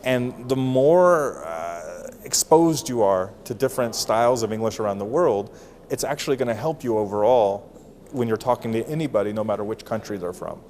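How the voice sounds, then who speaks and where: A man in his thirties who teaches English at university, answering interview questions about giving speeches in a relaxed, explaining way. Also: fairly low pitch, moderate pace. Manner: casual, explanatory, with fillers and restarts. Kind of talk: interview answers on public speaking.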